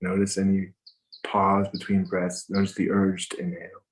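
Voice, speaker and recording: A man guiding a breathwork meditation at home, giving slow, gentle instructions with pauses. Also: sits low, monotone, rough recording. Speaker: meditation teacher. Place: home with windows open.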